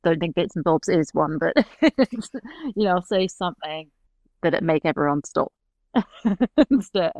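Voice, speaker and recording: A woman's voice: low voice, measured pace, pauses often, darkish tone, no room sound. A woman with a British accent, talking casually as a podcast guest, chatty and laughing often. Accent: British English. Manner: chatty, laughs often, trails off mid-sentence. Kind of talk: casual conversational interview.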